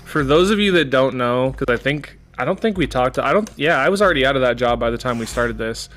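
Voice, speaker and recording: A young man co-hosting a casual podcast chat, relaxed and rambling, swearing now and then. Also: medium pitch, fairly quick, faint music behind. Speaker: podcast co-host.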